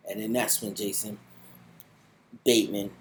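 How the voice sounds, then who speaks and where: A man giving a casual spoken review of a TV show in animated, slangy, rambling storytelling. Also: on the low side, measured pace, slight background noise, low-quality recording.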